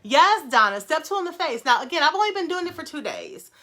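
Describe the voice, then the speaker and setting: A young woman hosting a casual livestream, reading viewer comments aloud and answering them in a fast, animated way with frequent laughter. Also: sits high. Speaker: brand founder hosting a live Q&A.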